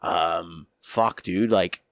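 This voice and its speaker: An American man co-hosting a podcast in casual chat, talking emphatically and excitably and swearing freely. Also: deep voice, drawn-out words, no room sound. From United States. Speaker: podcast co-host.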